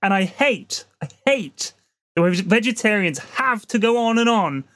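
A man's voice: high-pitched, lively intonation, normal speed, fairly bright tone, no echo, studio quality. A man chatting playfully and teasing his co-host in casual banter.

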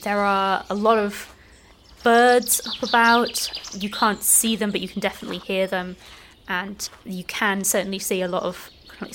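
A woman running a tabletop role-playing game, describing the scene to players in a relaxed way, full of "like" fillers. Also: medium pitch, a little hiss or hum. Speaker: game master.

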